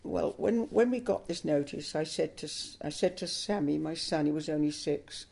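An older woman telling a personal story in an interview, unhurried and chuckling as she recalls events. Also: sits low, gravelly, mellow.

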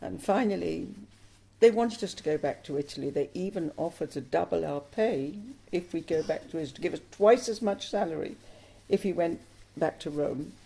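A woman's voice: lowish voice, moderate pace, creaky, mellow, breathy edge. An older woman from England, telling her life story in an interview with earnest emotion. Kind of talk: personal testimony interview.

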